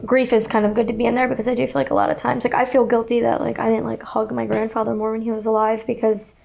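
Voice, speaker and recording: A woman's voice: fairly high pitch, level tone, quick pace, vocal fry, darkish tone. A young woman co-hosting a podcast, talking bluntly and rambling with fillers in casual chat. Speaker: podcast co-host.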